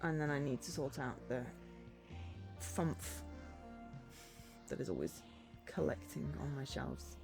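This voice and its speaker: A woman's voice: rumbling low, lively intonation, normal speed, over music. A woman in her thirties, a streamer chatting casually and rambling between tangents while she plays. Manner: rambling, chatty, self-deprecating. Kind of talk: casual chat while livestreaming a game.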